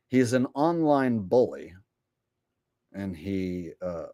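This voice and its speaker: A man's voice: fairly low pitch, darkish tone, no room sound, clean studio sound. A man hosting a live stream, ranting bluntly and casually with plenty of swearing. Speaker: streamer host.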